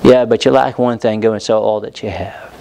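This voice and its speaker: A man's voice: fairly low pitch, fairly even intonation, brisk, creaky, warm tone, a little hiss or hum, rough recording. A pastor preaching an impassioned sermon, acting out the voices of the people in the story he tells.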